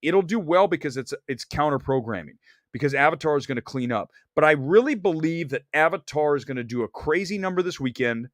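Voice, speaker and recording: A man hosting a movie talk show, giving blunt, animated opinions with bursts of laughter. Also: fairly high pitch, brisk, no room sound, clean studio sound. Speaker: podcast host and film critic. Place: Los Angeles studio.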